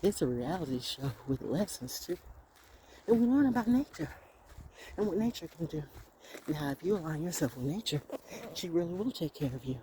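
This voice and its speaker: A woman in her sixties talks outdoors in a loose, rambling way, putting rhetorical questions to her listeners. Her pitch swings widely and expressively. The recording is noisy, with dogs around her. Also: expressive, brisk, long pauses, warm tone. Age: 60s. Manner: musing, asks rhetorical questions. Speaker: vlogger. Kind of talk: rambling reflective monologue. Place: outdoors by a fenced yard with dogs.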